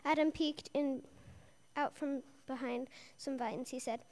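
High-voiced woman reading a Bible story. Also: unhurried. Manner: lively storyteller doing character voices.

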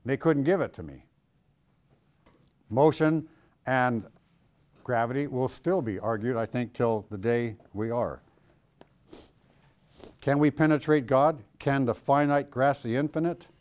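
A middle-aged man preaching to a room of students, lively and theatrical. He jumps high and loud when he acts out a quote, then drops low and hushed, and he keeps poking fun at himself. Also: a little slow, pauses often. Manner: animated, acts out quoted voices with big swings in pitch and loudness; jokey, self-mocking storyteller. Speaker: pastor. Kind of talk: teaching a class on Christian doctrine. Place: classroom or church hall with students.

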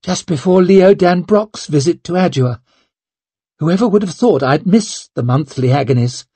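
A man's voice: a little high, lively intonation, moderate pace, mellow, slightly rough, no echo, pitched above the performer's own voice. A man voicing an ambitious, bitter young noblewoman in an audiobook, wry and defiant with a coarse tongue. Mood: weary.

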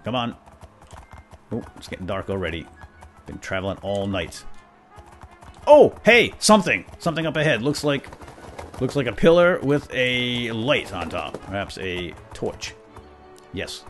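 Casting note: a man as a fussy, bumbling knight, lively up-and-down delivery, lowish voice, soft music behind. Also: unhurried, pauses often. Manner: playful, bumbling knight persona talking to his animals. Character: bumbling self-important male knight, fussy and flustered. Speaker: role-play gamer narrating in character. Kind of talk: comedic in-character role-play. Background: faint background music.

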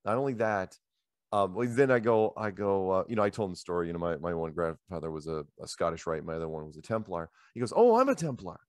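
Middle-aged male host, low voice, dry close sound, animated rambling storyteller. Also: quick pace, no echo. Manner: animated, rambling anecdotes with repeated "he goes". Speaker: show host. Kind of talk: casual storytelling chat. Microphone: handheld microphone.

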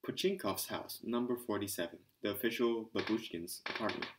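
A man voicing a hearty, impatient young man who lectures and scolds loudly. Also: on the low side, fairly quick, background noise, natural voice. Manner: blustering, hectoring.

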